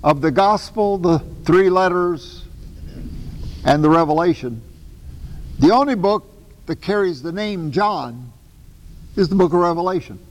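A man giving a lecture on the Bible to a class, talking in an animated, emphatic way with casual asides and self-corrections. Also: high voice, a little slow, long pauses, long reverb tail, poor audio. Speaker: Bible teacher.

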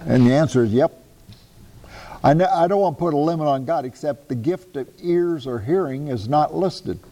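An older man with a Midwestern American accent, a pastor teaching a Bible class in a relaxed, conversational way and taking questions from the group. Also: a little high, normal speed, big-room sound, a little hiss or hum. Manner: conversational, takes questions, chuckles at himself.

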